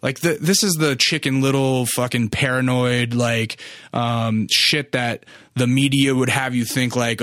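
A man's voice: mid-range voice, normal speed, fairly bright tone, dry recording, studio quality. Profane rambling guy telling a story. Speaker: podcast host. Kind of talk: casual storytelling monologue.

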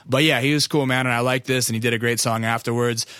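A man's voice: mid-range voice, steady tone, fast, sharp tone, no echo. Man, American, podcast host, rambling casual talk, swears freely, dry close sound. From United States. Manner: rambling, profane, loose storytelling. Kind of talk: casual podcast monologue and interview.

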